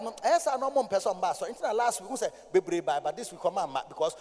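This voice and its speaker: Ghanaian male pastor, high voice, preaching in an echoing hall, swings from quiet to shouted sing-song. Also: expressive, quick pace. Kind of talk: sermon. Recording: hall reverb.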